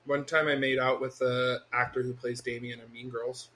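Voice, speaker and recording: A man co-hosting a casual podcast chat, his voice sitting at an ordinary middle pitch. He talks in an animated, loose way, swears freely and laughs often. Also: normal speed, slight background noise. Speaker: podcast co-host.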